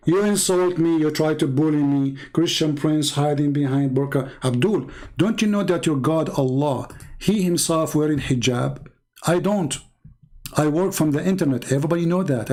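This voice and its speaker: A man's voice: a little high, a little mellow. Sarcastic man hosting a livestream. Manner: sarcastic, taunting, repeats phrases for emphasis. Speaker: livestream host. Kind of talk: mocking livestream commentary. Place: home setup streaming online.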